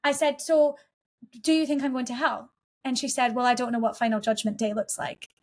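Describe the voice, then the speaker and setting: A woman's voice: on the high side, fairly even intonation, fairly quick. A woman guest on a podcast, telling a painful personal story in an earnest, heartfelt way, often restarting her sentences.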